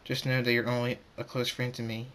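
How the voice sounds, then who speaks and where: A man voicing a calm, protective male pony king who speaks quietly and steadily. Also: medium pitch, a little fast, a little hiss or hum, natural voice.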